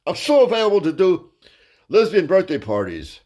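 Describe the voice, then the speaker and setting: A man's voice: high voice, wildly swooping pitch, moderate pace, darkish tone. A man, a stand-up comedian, telling a crude, rambling story in a ranting style and tripping over his words. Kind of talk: profane comic storytelling monologue.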